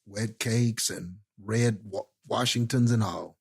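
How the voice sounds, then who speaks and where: A man's voice: lowish voice, steady tone, slow pace, vocal fry, husky. A man co-hosting a movie podcast in casual chat, laughing and teasing his co-host. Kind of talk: casual late-night chat.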